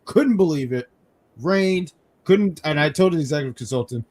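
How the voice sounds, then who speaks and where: A man from New York hosting a casual live wrestling review stream, telling animated stories with self-mocking jokes. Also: fairly high pitch, normal speed. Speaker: podcast host.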